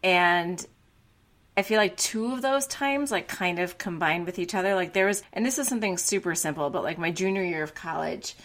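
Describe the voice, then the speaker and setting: Rambling, lowish-voiced woman podcaster. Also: moderate pace, a bit bright. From United States. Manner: candid, rambling storytelling with many fillers. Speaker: podcast co-host, romance novelist. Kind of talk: casual podcast chat.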